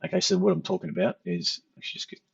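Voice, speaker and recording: This trading educator fires through his chart lesson rapidly in a high, creaky voice with flat delivery. Still conversational and explanatory, he repeats "okay" to check in. No echo is present, but the recording is dull, lo-fi, and distant from the microphone.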